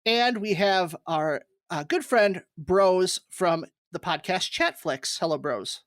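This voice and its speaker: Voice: mid-range voice, takes it slowly, fairly bright tone, no room sound, studio quality. A podcast host opening the show and introducing guests in a casual, friendly manner.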